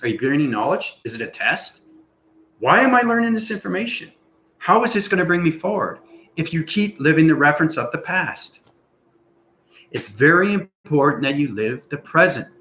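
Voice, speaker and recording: A man with a fairly high, pushed, bright voice hosts his channel with an unscripted spiritual monologue. He rambles and keeps tagging lines with "okay?", and the room sounds echoey.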